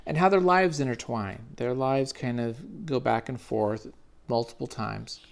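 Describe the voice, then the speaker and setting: A man's voice: medium pitch, unhurried, creaky. A man enthusiastically retelling a comic book story in casual, slangy commentary with frequent swearing. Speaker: comics reviewer.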